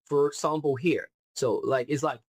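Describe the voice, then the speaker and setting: A man's voice: medium pitch, steady tone, moderate pace, slightly rough, no room sound. A man with a Brazilian Portuguese accent teaching British slang in an online lesson, stressing and repeating each key word. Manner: emphatic, repeats key words. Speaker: English teacher.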